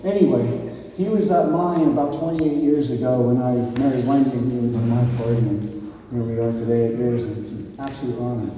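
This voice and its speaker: A man's voice: medium pitch, fairly even intonation, brisk, slight background noise. A man in his fifties giving a rambling, joking and sentimental wedding toast as the groom's old friend. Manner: rambling, joking, sentimental, shouts out crowd cheers. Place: wedding reception hall. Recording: echoey hall, mic from a distance.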